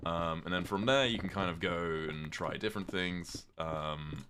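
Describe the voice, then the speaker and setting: A British man casually chatting with his viewers on a livestream, reading chat aloud, swearing freely and reacting with sudden loud outbursts. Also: low-pitched, normal speed, slight background noise. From Britain.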